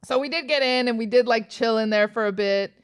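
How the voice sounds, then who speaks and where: A woman's voice: a little high, fairly quick, clear, resonant tone, no room sound, studio quality. A young woman from Los Angeles telling a rowdy story as a podcast guest, swearing freely and laughing often. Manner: profane, laughing, loose storytelling. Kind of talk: casual storytelling chat.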